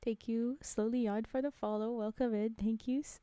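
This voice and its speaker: A woman's voice: fairly high pitch, steady tone, moderate pace, dark tone, clean tone, no room sound. A young woman streaming live, chatting casually and rambling with frequent giggles.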